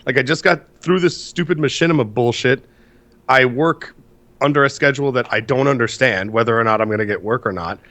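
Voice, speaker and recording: Congested male co-host, profane and animated. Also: mid-range voice, fairly quick. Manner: profane, ranting, animated storytelling. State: congested from sinus issues. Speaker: podcast co-host. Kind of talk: casual podcast chat.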